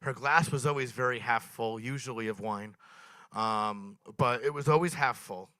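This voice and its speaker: A young man performing a stand-up comedy set at a small open mic, telling dark stories in a deadpan, swearing way. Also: medium pitch, normal speed, no echo.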